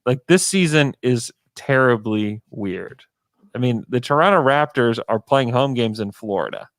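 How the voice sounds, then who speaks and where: A man's voice: medium pitch, expressive, normal speed, fairly bright tone, no echo. A man co-hosting a podcast, talking sports in a casual, emphatic way. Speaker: podcast host.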